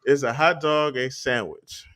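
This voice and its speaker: A man's voice: mid-range voice, measured pace, fairly bright tone. A man hosting a podcast in casual chat, loose and joking, laughing often. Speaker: podcast host.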